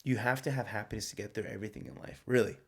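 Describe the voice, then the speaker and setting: A man chatting as a podcast guest, telling travel stories in an animated, joking way. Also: on the low side, very fast. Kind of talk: casual chat.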